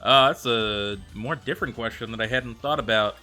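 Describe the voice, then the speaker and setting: A young man streaming a game, reading out viewer comments and answering them in a chatty, animated way. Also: mid-range voice. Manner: chatty, animated, answers chat with quick excited reactions. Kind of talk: casual livestream chat reading viewer comments. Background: faint background music.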